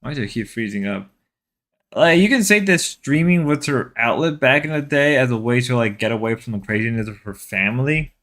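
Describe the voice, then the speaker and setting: A man's voice: medium pitch, animated, brisk, fairly bright tone. A young man co-hosting a stream in casual chat, rambling and joking with hesitant restarts. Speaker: stream co-host.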